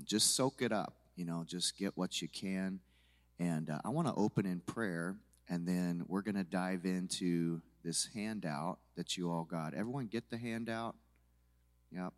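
Very low-voiced man, relaxed morning voice. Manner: relaxed, chatty, many fillers. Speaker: conference speaker, worship leader. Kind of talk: casual teaching talk to a church audience. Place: church hall.

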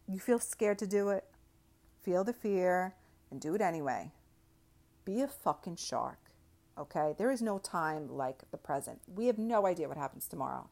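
A woman's voice: lowish voice, expressive, normal speed, vocal fry, darkish tone. A woman in her thirties talking straight into her podcast mic with a fiery, motivational push. She swears at nearly every turn and gets so worked up that she shifts around in her chair. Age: 30s. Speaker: podcast host. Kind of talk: motivational monologue.

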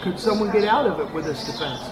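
A man's voice: high-pitched, quick pace, crowd noise. A man co-hosting a casual talk show, telling crude prank-call stories and acting out the people in them. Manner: crude, animated, acts out the people in his stories. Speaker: podcast co-host. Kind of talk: casual chat, storytelling.

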